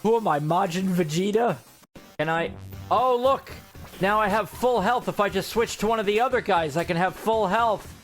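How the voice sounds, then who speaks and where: A young man giving casual, joking gameplay commentary, excitable and swearing freely, with game music faint behind him. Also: high voice, normal speed. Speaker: gaming streamer.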